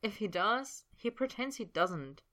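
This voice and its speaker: A woman's voice: medium pitch, expressive, measured pace, sharp tone, pitched above the performer's own voice. A woman reading the lines of an earnest, stubborn young man who speaks firmly and protectively. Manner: firm and earnest.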